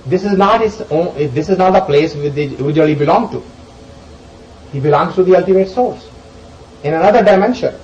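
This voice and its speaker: A man teaching a group as he explains scripture verses, animated and emphatic, swinging between loud questions and soft asides. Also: high voice, fairly quick, roomy sound, lo-fi sound, a little hiss or hum. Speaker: spiritual teacher.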